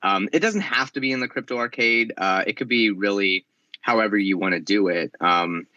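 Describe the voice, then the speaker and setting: A man with a bright, forceful voice hosts a casual online chat, encouraging the listeners and chatting along with plenty of ums. The sound is dry and close. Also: on the low side, moderate pace, dry recording, highs cut off. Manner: encouraging, chatty, uses many fillers. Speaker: host of community audio space. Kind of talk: casual audio chat room talk.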